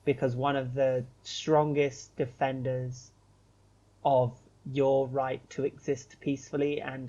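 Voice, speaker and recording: A man's voice: medium pitch, a little mellow, dull audio. A man co-hosting a casual podcast, talking earnestly and emphatically, then with playful self-mockery. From United Kingdom. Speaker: podcast co-host.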